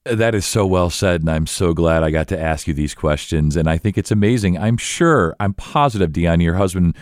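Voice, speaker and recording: A man's voice: deep voice, expressive, moderate pace, no echo, studio quality. A man hosting a podcast interview, effusive and enthusiastic in his praise. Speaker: podcast host.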